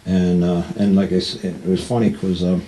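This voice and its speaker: A man's voice: sits low, level tone, normal speed, mellow, a little hiss or hum, poor audio. A man telling a rambling, blunt story in a casual way and acting out the people he quotes.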